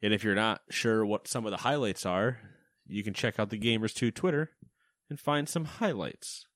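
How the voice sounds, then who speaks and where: A man co-hosts a casual gaming news podcast, joking around and reading lists of games with playful emphasis in a lively way. His voice is lowish at a moderate pace, in a dry, studio-quality recording.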